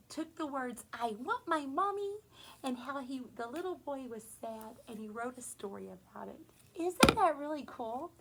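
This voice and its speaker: High, gentle-voiced woman reading to kids. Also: rough recording. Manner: gentle, slow and sing-song, talking to small children. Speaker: preschool teacher. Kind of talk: reading a picture book to young children.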